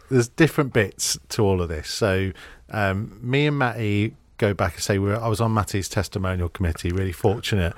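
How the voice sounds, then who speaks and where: A middle-aged man hosting a podcast, telling stories in an animated, laughing way. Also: on the low side, no room sound. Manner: animated storyteller, laughs often. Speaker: podcast host. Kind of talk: casual podcast chat.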